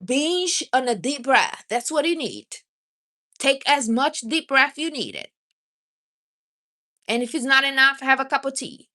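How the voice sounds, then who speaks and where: Bright-voiced woman giving blunt advice. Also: high voice, animated, a little slow, long pauses. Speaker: livestream host. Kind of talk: casual livestream chat.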